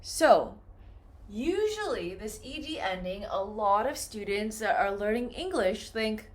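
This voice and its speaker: Slow, lively woman teaching English. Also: mid-range voice, slight background noise. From United States. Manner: slow, clearly modeled example words. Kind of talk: classroom lesson on pronunciation.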